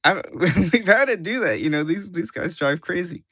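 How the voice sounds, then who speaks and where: A man's voice: sits high, expressive, normal speed, a bit bright, no room sound, studio quality. A man streaming a game, chatting casually, joking and laughing often. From New York. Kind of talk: casual chat while gaming.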